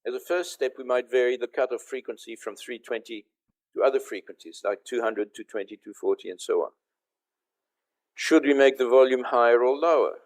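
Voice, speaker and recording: A man's voice: medium pitch, fairly quick. An older male professor delivers an online conference lecture. He explains each point patiently and stops now and then to check that his listeners can hear him. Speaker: professor giving a conference talk.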